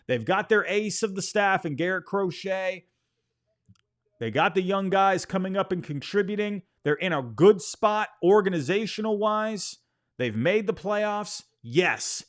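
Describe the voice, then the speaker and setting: A man on his own sports show rants in an exasperated, casual way, often stumbling over and repeating words. His voice sits a little high and swoops up and down constantly. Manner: animated, exasperated, repeats himself, apologizes for ranting. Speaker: sports podcast host. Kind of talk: casual opinion rant.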